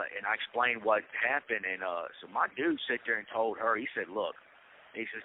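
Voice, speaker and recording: Laid-back man storytelling over a phone. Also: fairly low pitch. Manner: laid-back, slangy retelling with quoted dialogue. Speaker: podcast host. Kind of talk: casual storytelling. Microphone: prison phone call. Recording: tinny phone line with faint hiss.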